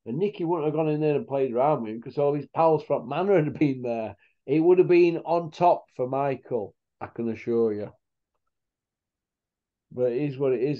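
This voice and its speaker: Rambling man, lo-fi. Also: mid-range voice. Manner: rambling storyteller, blunt northern English slang. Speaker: host. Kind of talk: casual chat. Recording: dull lo-fi sound.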